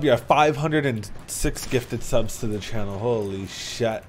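A young man streaming a game live, chatting with his teammate, thanking viewers loudly and swearing casually. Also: mid-range voice, unhurried, a little hiss or hum. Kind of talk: live-stream gameplay chat.

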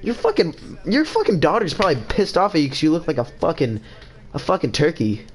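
A man's voice: fairly high pitch, sing-song, a little fast, a little hiss or hum. A young man giving profane, trash-talking commentary over his own basketball video game match. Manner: loud, swearing, trash-talking, swings to mock apology. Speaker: gaming video creator.

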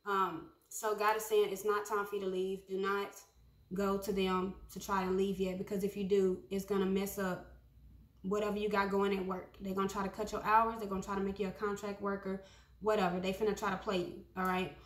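A woman's voice: mid-range voice, little pitch movement, brisk, roomy sound. A young woman giving a casual prophetic message to her followers, talking conversationally with many ums and repeated phrases. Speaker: prophetic speaker.

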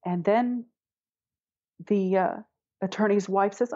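Woman guest on an interview, telling her story candidly with wry laughs, slightly low voice, dull dry sound. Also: steady tone, unhurried, darkish tone, dry recording.

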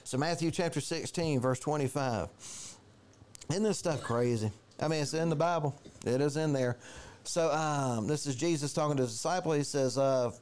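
A man preaching a conversational sermon in a church, animated and chatty, acting out quoted voices. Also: moderate pace, smooth. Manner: animated, storytelling, jumps to higher pitch for quoted voices. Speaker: pastor.

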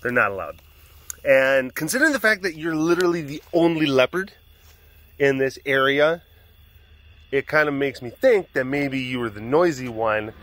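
A man's voice: mid-range voice, lively intonation, normal speed, a bit bright, a little hiss or hum. A man keeping big cats, chatting casually and playfully scolding the animals in mock-serious tones, outdoors at an animal facility. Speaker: big cat keeper. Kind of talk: casual vlog.

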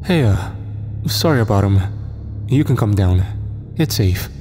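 A man's voice: on the low side, lively intonation, a little slow, mellow, big-room sound, faint music behind. A man voicing a scruffy, weary woman on a cliffside shelter, talking in a brusque, exasperated way. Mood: reassuring.

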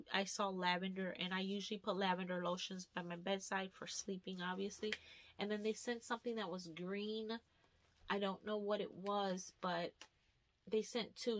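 A woman's voice: mid-range voice, fairly bright tone. Chatty woman vlogger rambling through an unboxing. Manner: chatty, rambling, lots of "like" fillers. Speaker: beauty vlogger. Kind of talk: casual haul unboxing chat.

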